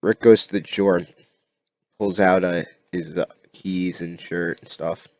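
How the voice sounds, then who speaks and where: A man narrating an improvised story in a halting way, with many restarts. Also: deep voice, steady tone, a little mellow, muffled recording. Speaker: amateur narrator.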